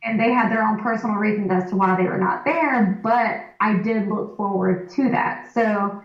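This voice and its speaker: A woman's voice: mid-range voice, normal speed, far from the mic. A woman powerlifter and schoolteacher talking bluntly in a casual interview, with lots of "like" and easy laughter. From United States. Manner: candid, blunt, laughs easily, filler "like". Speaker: guest, competitive powerlifter; first grade teacher. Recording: echoey room, off-mic, dull sound.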